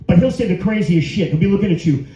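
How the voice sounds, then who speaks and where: Middle-aged male comic, crude crowd-work style, high-pitched, dull roomy live recording. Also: fast, dark tone. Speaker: stand-up comedian. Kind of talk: stand-up set. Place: comedy venue before a live audience.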